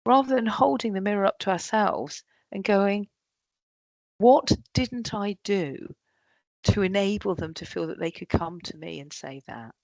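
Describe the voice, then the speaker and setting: A woman's voice: medium pitch, a little slow, dry recording. A woman giving a leadership workshop talk, often acting out what colleagues say. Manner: lively, acts out quoted colleagues. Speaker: workshop trainer.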